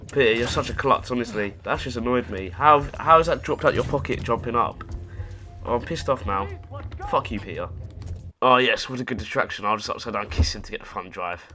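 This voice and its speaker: A man's voice: mid-range voice, a little fast, pushed and bright, faint music behind. A young man giving sarcastic, profanity-filled commentary while playing a video game. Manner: sarcastic, sweary running commentary. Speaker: gaming YouTuber. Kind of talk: gameplay commentary.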